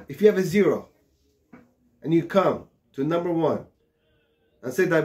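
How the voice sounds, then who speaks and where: A man preaches as a rabbi in an impassioned sermon, his voice sitting a little higher than most men's. He tells parables with acted-out dialogue and builds up to shouted high points. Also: moderate pace, pauses often.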